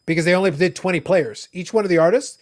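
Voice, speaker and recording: A man from Canada hosting a casual livestream, ranting in animated bursts and cursing freely. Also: high-pitched, fast talker. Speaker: livestream host. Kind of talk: casual chat.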